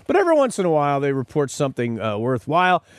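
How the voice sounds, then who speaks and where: A man's voice: fairly high pitch, huge pitch swings, fast, clean tone, no echo. A man hosting a podcast, delivering a sarcastic, opinionated commentary monologue. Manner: sarcastic, mocking, mimics callers and corporate statements. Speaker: podcast host.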